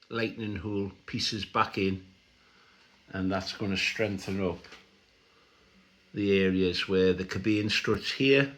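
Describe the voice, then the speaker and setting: Low-voiced man at the workbench. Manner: relaxed, thinking aloud while working, explaining as he goes. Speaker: model aircraft builder. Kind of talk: workshop build commentary. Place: hobby workshop bench. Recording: roomy workshop echo.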